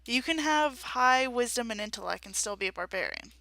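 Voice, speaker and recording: A woman's voice: fairly high pitch, lively intonation, fairly quick, creaky, bright, forceful tone, no room sound. A woman playing a tabletop game, chatting and teasing the other players. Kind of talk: casual chat at a game table.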